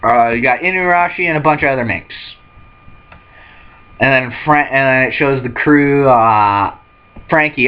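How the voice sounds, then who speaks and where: A man hosting a manga reaction video, excitable, laughing often and reading characters' lines aloud in quick put-on voices. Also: medium pitch, muffled recording. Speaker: manga reaction channel host. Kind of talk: live manga chapter reaction.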